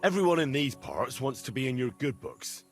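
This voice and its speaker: An actor playing a smooth-talking young male servant in a game, conciliatory and eager to avoid trouble. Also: medium pitch, sing-song, brisk, soft background music. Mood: placating. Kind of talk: video game voice acting.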